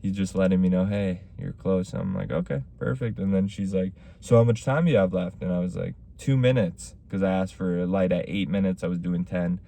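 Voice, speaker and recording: A man's voice: low voice, fairly quick, gravelly, few pauses, mellow. A young man hosting a casual solo podcast, rambling through stories about his stand-up shows and acting out what people said. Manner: rambling storytelling with acted-out quotes. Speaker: podcast host; stand-up comic.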